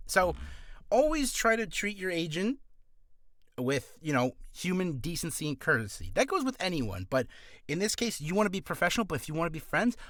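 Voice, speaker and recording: A man rambles through casual vlog advice in a jokey, self-deprecating way. His voice sits a bit high and swings widely in pitch. The sound is dry and close. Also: very animated, normal speed, fairly bright tone, no room sound. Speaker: voice actor.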